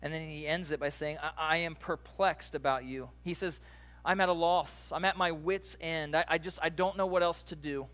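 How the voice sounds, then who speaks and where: Conversational pastor preaching, somewhat high voice. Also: male voice, normal speed. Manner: conversational preaching, animated asides. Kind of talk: sermon.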